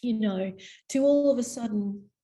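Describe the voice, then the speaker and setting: An Australian woman, a podcast guest, telling a story in a lively, animated way and acting out voices. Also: on the high side, moderate pace, poor audio. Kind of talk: storytelling interview.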